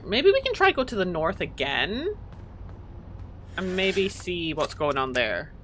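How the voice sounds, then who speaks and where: Playing live, this woman thinks aloud in a lowish, unhurried voice, chatting casually and getting flustered along the way. Her gameplay commentary carries a steady background noise.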